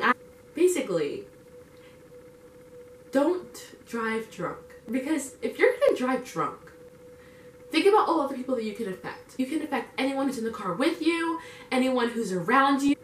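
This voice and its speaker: Animated young woman telling a storytime. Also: high-pitched, normal speed, pauses often, roomy sound, distant mic, a little hiss or hum. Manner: animated, acts out her own dialogue in quotes; frequent "like" fillers. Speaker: vlogger. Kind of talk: storytime vlog.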